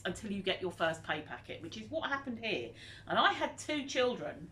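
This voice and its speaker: A woman in her fifties chatting casually as a vlogger, animated and nostalgic as she reminisces. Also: medium pitch. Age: 50s.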